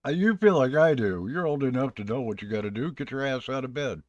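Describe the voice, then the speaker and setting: A man's voice: mid-range voice, lively intonation, fast, a little mellow, no echo, dull audio. A man hosting a live stream, talking in a rambling, folksy, chatty way. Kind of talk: casual live stream chat.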